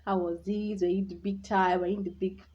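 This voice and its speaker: A woman's voice: medium pitch, flat delivery, moderate pace, warm tone. A young woman telling her own life story in a vlog, candid and reflective, rambling with many restarts. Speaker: vlogger. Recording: dull lo-fi sound.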